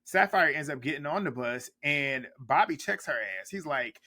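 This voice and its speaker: A man's voice: fairly high pitch, animated, normal speed, sharp tone. A man recapping a reality TV episode in a casual reaction vlog, blunt and profane, laughing often as he talks.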